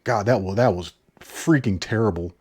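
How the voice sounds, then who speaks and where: A man's voice: lowish voice, moderate pace, breathy edge. A man giving a casual, blunt and opinionated movie review, rambling as he goes.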